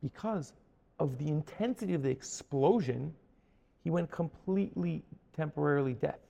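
A man telling a story in a sermon as a Torah teacher, dramatic, dropping to a hush and then rising to emphatic peaks. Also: fairly high pitch, lively intonation, normal speed, vocal fry, long reverb tail. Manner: dramatic, swings from hushed to emphatic.

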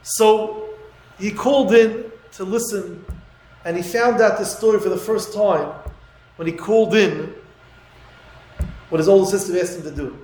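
A man telling a moving story in a talk, growing dramatic and loud at its peaks. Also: sits high, measured pace, long pauses, reverberant, low-quality recording. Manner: dramatic, rising to near-shouting at emotional peaks.

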